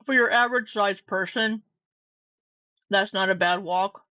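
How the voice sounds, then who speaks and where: A woman's voice: mid-range voice, measured pace, pushed and bright, lo-fi sound. A woman giving blunt, sarcastic reaction commentary on a video, cursing freely.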